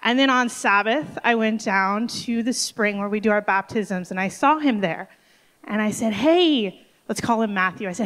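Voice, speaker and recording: A woman's voice: mid-range voice, moderate pace, a bit bright. A woman who directs a summer camp, telling a heartfelt story with emotion at a church service. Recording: long hall reverb.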